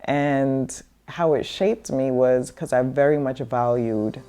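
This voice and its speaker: Very low-voiced woman telling her story. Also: slow, warm tone. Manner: rambling, with many fillers and restarts; acts out quoted voices of family members. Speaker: guest. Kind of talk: casual personal storytelling.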